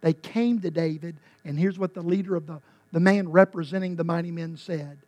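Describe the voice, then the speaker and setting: A man preaching a sermon as pastor, impassioned, swinging from quiet to loud with emphatic repetition. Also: a little high, fairly quick, no echo.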